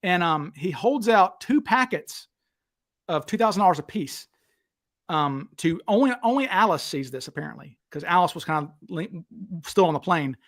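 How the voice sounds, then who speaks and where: A man hosting a casual chat, retelling stories with lively acted-out quotes. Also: high-pitched, moderate pace. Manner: animated, acts out quotes with raised voice. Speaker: podcast host.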